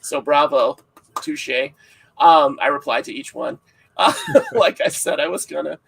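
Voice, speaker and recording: A man's voice: a little high, measured pace, gravelly, a bit bright, a little hiss or hum, low-quality recording. A man hosting a casual livestream podcast, rambling and joking with frequent laughs, sounding tired. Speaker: podcast host.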